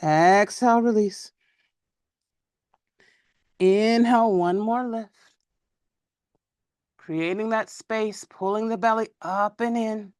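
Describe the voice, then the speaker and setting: A woman teaching a yoga class, giving calm, measured cues timed to the breath and stretching out repeated words. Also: medium pitch, clean tone, no echo, clean studio sound. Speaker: yoga instructor.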